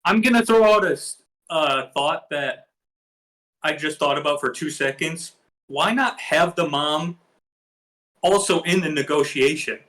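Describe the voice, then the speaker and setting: A man co-hosts a casual movie review chat in a bright, slightly high voice. He puts forward thoughtful counterpoints and chimes in with short agreements. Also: measured pace, pauses often. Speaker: podcast co-host.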